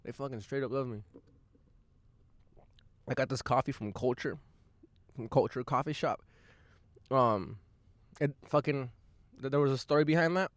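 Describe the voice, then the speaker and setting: A young man hosting his own podcast from inside his van, telling a rambling story in a loose, profane and self-amused way, with quick bursts of excitement. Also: medium pitch, dry recording. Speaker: podcast host. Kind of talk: casual storytelling monologue.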